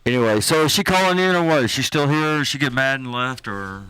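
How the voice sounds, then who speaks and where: A male podcast co-host who teases his friends and says the same thing over and over. His voice is bright and lively in pitch. He keeps it loose and jokey. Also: brisk, clear, resonant tone, no echo, poor audio. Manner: teasing, repeats himself often. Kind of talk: casual chat.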